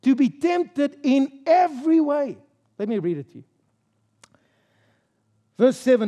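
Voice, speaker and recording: A man with a high voice and a mellow, darker tone preaches a sermon at a church service. He drives his points home emphatically, quizzing the congregation and repeating key phrases. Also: lively intonation, measured pace, pauses often. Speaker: pastor.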